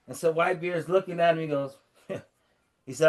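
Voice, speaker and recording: A middle-aged man in casual chat, animatedly retelling a story and acting out the lines in a lower voice. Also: normal speed. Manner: animated storyteller, fillers and restarts, acts out quotes in a lower voice.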